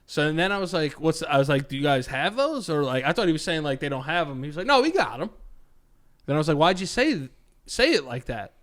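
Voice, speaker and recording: A man co-hosting a casual podcast, with a voice pitched a bit high for a man. He tells stories animatedly, swears freely, and acts out the people he quotes. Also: animated, quick pace. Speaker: podcast co-host. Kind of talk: casual storytelling chat.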